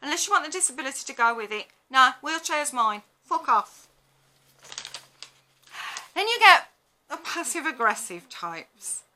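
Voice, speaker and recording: A woman chats to camera in a casual storytelling monologue, blunt and sarcastic, with frequent swearing. Her voice sits high and very bright. Her pitch swings widely as she talks. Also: sing-song, measured pace, pauses often. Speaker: vlogger.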